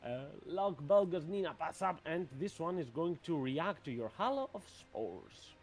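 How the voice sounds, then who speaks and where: A man running a tabletop game as game master, narrating the action in an animated way with many fillers. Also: a little high, a little slow.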